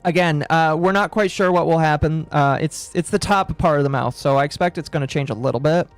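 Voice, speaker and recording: A woman's voice: deep voice, brisk, no room sound. A woman streamer talking casually to her live chat, rambling and repeating herself with frequent laughs. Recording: dry close mic with background music.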